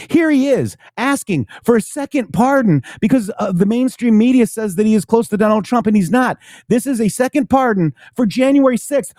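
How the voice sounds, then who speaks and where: A man's voice: extremely high pitch, a little mellow, no room sound, clean studio sound. A man co-hosting a casual political talk stream, talking emphatically with many rhetorical questions. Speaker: co-host.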